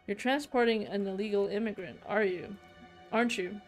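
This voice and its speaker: Woman voicing a polite, menacing male sea officer in a game, measured threats, mid-pitched voice, faint music underneath. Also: natural voice.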